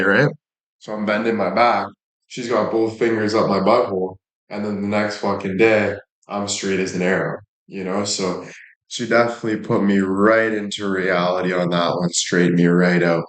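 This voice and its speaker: Young guy streaming, kinda low voice, crude rambly stories, roomy echo. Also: steady tone, normal speed. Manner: crude, rambling storytelling with frequent swearing. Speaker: livestreamer. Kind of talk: casual livestream chat. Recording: echoey room.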